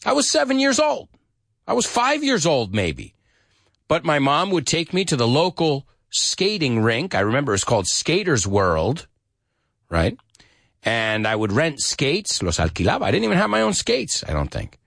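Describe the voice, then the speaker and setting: A man's voice: a little high, huge pitch swings, moderate pace, vocal fry, a bit bright, no echo, studio quality. A man teaching English to Spanish speakers, explaining song lyrics, singing short snippets and translating into Spanish.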